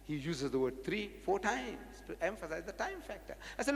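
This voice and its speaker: A South African man giving a public lecture, animated and rhetorical, repeating phrases for emphasis. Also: high voice, moderate pace, vocal fry. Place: lecture hall. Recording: echoey lecture hall.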